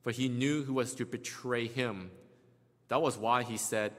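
A man delivers a sermon and walks through scripture step by step, often restarting his words and voicing the quoted lines. His voice sits at a middle pitch. Long reverb from the hall trails every phrase. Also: fairly even intonation, a little slow, fairly bright tone. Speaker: preacher.

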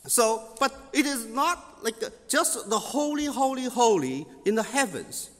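A man teaching scripture in sermon style, halting with many fillers and repeating key phrases for emphasis. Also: sits high, a bit bright, long reverb tail.

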